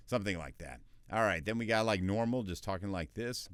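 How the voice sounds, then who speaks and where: Low-voiced casual man teaching voiceover. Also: lively intonation, a bit bright, smooth, no room sound. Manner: quick, casual, with filler words. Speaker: voiceover tutor. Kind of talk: casual tutorial talk. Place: small home recording space.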